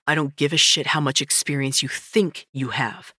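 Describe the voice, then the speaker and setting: Woman doing a gruff, scolding ranch owner. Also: very deep voice, fairly even intonation, moderate pace, pushed and bright, no echo, studio quality, exaggerated voice. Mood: stern scolding. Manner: curt and scolding, speaks through his teeth. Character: stern gruff male ranch owner, protective of horses.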